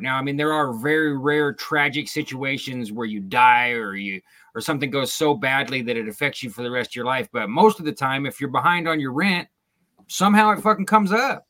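A man's voice: medium pitch, sharp tone. A man on a podcast giving earnest, motivational advice in casual, sometimes profane chat.

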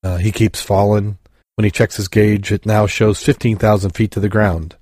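Male podcast host, low voice, rambling joke-teller, dry studio sound. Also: flat delivery, normal speed, a little mellow, no echo. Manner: rambling, stumbles over words, tells jokes. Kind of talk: casual podcast chat.

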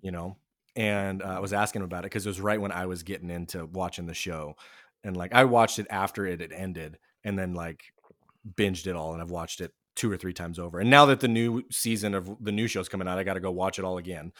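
A man's voice: low voice, fast talker, fairly bright tone, dry recording, clean studio sound. A man co-hosting a podcast in casual chat, chatty and easygoing, laughing often. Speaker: podcast co-host.

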